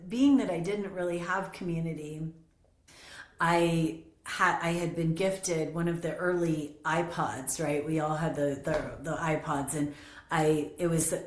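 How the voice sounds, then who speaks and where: A middle-aged woman in a candid conversation, talking reflectively with many restarts and frequent laughter. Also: low-pitched. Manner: reflective, halting, laughs often. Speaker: roundtable guest. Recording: roomy echo.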